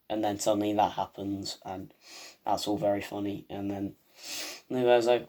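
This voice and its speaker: A man's voice: fairly low pitch, little pitch movement, moderate pace, pauses often, warm tone. A man hosting a video, giving a rambling, casual recap of a TV episode full of "um" and "like". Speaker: video host.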